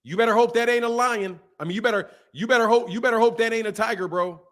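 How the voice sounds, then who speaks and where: Man, high voice, casual live-stream host, animated, repetitive, laughing, talks to chat. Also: fast talker. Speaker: boxing commentary host.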